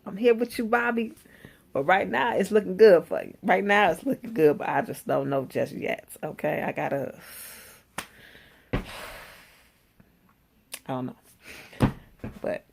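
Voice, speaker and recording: Woman, low and gravelly, loose animated slangy recap of a show, talks straight to camera. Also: slow pace, pauses often, noisy background. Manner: animated, slangy, exclaims and laughs while retelling. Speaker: TV episode reviewer. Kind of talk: casual chatty recap.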